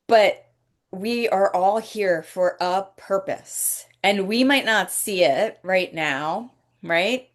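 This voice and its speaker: In a relaxed podcast chat about faith, the female host talks in a mid-range voice. She speaks slowly and thoughtfully, often stopping to search for the right word.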